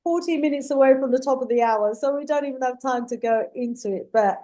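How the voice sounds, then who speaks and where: Slightly high-pitched woman hosting a live discussion show, earnest and measured, drawing out her words for emphasis and addressing her guests affectionately. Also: warm tone. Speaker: host. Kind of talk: live-show discussion, reading audience comments.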